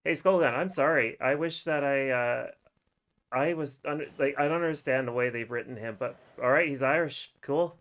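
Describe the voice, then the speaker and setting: A man's voice: mid-range voice, moderate pace, a bit bright, clean tone. A man giving casual, chatty commentary while playing a game, reacting freely and swearing. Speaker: let's play streamer.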